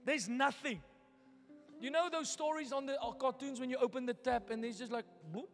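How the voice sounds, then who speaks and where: A male pastor preaching a sermon, moving from hushed, personal storytelling to loud, daring challenges to the congregation. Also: very high-pitched, fast talker, long reverb tail, faint music behind. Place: church hall.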